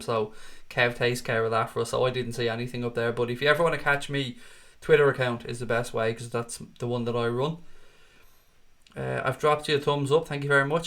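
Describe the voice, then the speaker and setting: A Dublin Irish man in his late thirties talks to his stream audience in a relaxed, easygoing way. His voice sits in a middling pitch, and he swears casually while addressing viewers as mate. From Ireland. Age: 30s. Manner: chatty, swears freely, calls viewers mate. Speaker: watchalong host. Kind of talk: casual live stream chat reading comments.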